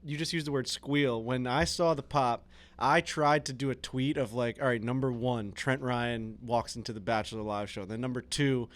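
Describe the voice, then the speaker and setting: A man co-hosting a podcast jokes his way through a story, animated and quick to riff. His voice sits in an ordinary middle pitch. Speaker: podcast co-host. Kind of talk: casual chat.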